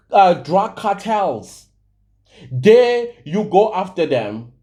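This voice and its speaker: A man's voice: fairly high pitch, mellow. A South African man hosting his own channel, giving heated, preachy commentary to camera and repeating points for emphasis. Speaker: channel host.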